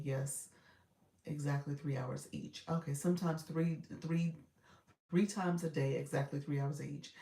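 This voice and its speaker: A woman coaching beginners over a live stream, chatty and quick to laugh, her sentences full of restarts. Her voice has a gravelly edge, and the sound comes from an echoey room. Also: low-pitched, darkish tone. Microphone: live-stream setup.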